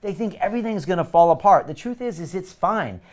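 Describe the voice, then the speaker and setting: A brisk, high-voiced man hosts a live webinar to sell a course. Energetic and urgent, he's emphatic and pushy, pressing viewers hard to register.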